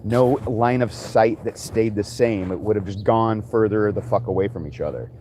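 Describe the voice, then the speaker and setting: A man's voice: fairly low pitch, normal speed, few pauses, mellow. A man ranting in a rambling, frustrated monologue while walking his dogs outdoors, swearing often and restarting his sentences. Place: outdoors on a walk. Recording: noisy outdoor ambience.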